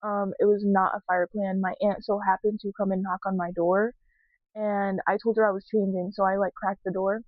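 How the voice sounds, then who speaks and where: A woman's voice: mid-range voice, little pitch movement, moderate pace, no room sound, dull audio. A young woman chatting casually to her viewers, rambling with lots of "like" and "um" and cursing freely. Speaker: vlogger answering viewer questions. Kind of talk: casual confessional chat.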